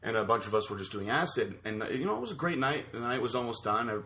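A man co-hosting a podcast, telling a story in a rambling, halting way with many fillers. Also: medium pitch, lively intonation, pushed and bright, slight background noise. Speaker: podcast co-host. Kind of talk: casual storytelling chat.

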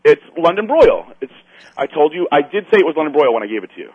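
A man's voice: fairly high pitch, very fast, no echo. A man telling a story in casual chat, acting out the other people's lines and swearing as he goes. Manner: animated storyteller, acts out quotes, swears. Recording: tinny phone-line sound.

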